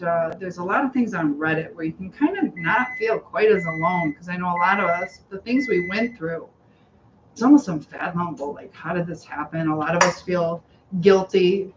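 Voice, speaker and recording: A woman's voice: on the low side, expressive, moderate pace, muffled recording, background noise. A woman hosting a cooking livestream in her home kitchen, chatting casually and rambling to viewers while she cooks. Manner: chatty, rambling, greets viewers, laughs often.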